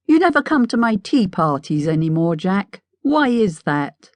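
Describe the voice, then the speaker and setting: A woman's voice: medium pitch, sing-song, a little slow, darkish tone, dry recording, voice pushed up. A woman voicing a mad, sing-songy male hatter with an unhinged, wheedling manner in an audiobook. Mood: sing-song teasing. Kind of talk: audiobook character voice.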